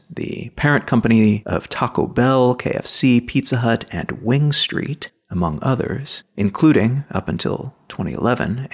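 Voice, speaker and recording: A man hosting a solo podcast, reading a scripted explanatory narration in a measured, lightly opinionated way. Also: mid-range voice, vocal fry. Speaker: podcast host.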